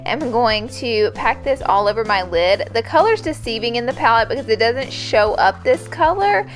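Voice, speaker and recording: A woman's voice: fairly high pitch, expressive, moderate pace, soft background music. A young woman chatting through a casual makeup tutorial, bubbly and gushing as she talks. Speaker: beauty YouTuber.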